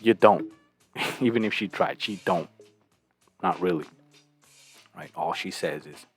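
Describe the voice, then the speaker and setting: Low husky guy, slow and gravelly, blunt crude commentary, keeps saying right?. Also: faint music behind. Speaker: channel host reacting to clips.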